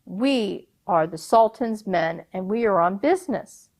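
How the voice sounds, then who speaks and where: A woman storyteller voicing the Sultan's soldiers and their captain, loud and brusque. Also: medium pitch, lively intonation, a little slow. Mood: bossy.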